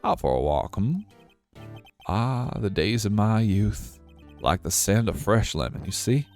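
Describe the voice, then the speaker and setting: A man voicing a pompous, creepy older lawyer with a slow drawl. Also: on the low side, animated, a little mellow, faint music behind. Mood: reminiscing.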